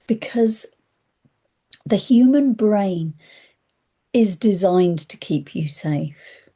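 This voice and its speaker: A middle-aged woman, a spiritual advisor giving an animated talk, acting out anxious inner voices and often dropping into hushed whispers. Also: medium pitch.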